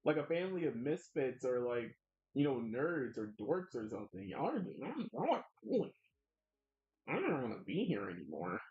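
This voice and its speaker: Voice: medium pitch, sing-song, normal speed, a little mellow. An adult streamer chatting casually while drawing, playfully whining and laughing a lot. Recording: dull lo-fi mic.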